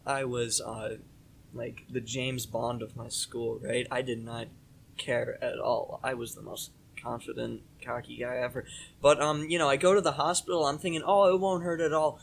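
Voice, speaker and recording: A young man co-hosts a casual podcast and tells a long story from school. He rambles, fills gaps with ums and likes, and gets animated at the funny parts. Faint noise sits behind the voice. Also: medium pitch, normal speed, creaky. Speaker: podcast co-host.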